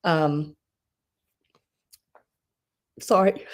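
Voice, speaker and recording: A woman with a fairly low voice hosts a home live stream while crying. She speaks haltingly, her words breaking off and sinking into soft whispers. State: tearful, crying. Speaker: online live-sale host. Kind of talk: emotional live-stream chat.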